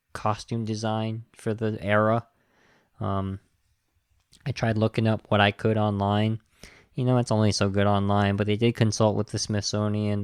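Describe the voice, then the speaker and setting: Male podcast host, film review, sarcastic, gravelly low voice, dry close sound. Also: dry recording. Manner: sarcastic, exasperated, swears casually. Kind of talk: casual film review monologue.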